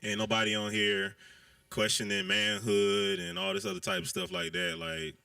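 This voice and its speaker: A man's voice: fairly low pitch, big pitch swings, normal speed, vocal fry, bright, forceful tone, no echo, distant mic. A man co-hosting a casual basketball talk show, laid-back and direct, with lots of slang. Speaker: podcast co-host. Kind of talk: casual sports chat.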